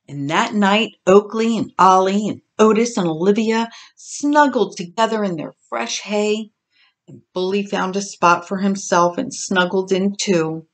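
An older woman, a grandmother, reading a children's story aloud in a gentle, expressive way. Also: medium pitch, measured pace.

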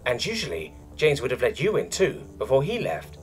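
A man voicing a timid robot mechanic with a flat, mechanical tone and a nervous, literal manner. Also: medium pitch, moderate pace, faint music behind, voice pushed up. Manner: nervous, hesitant, literal-minded.

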